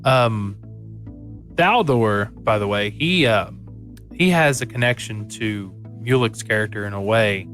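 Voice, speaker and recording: A man with a Southern American accent explains things plainly, in a somewhat low voice with a few ums. Faint guitar music runs underneath. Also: measured pace, fairly bright tone. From Georgia, United States. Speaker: player. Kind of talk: casual chat between game sessions.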